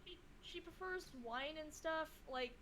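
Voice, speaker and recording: A woman's voice: high voice, unhurried, a bit bright, a little hiss or hum, poor audio. A woman guest artist chatting casually and giggling on a live art stream, talking about her characters.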